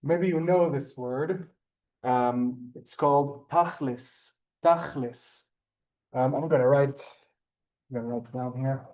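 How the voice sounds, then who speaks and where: A man's warm, mid-range voice, fairly even in intonation and a little slow, leads a Hebrew class over a video call. He talks plenty, remains courteous, and often apologizes and says ma'am.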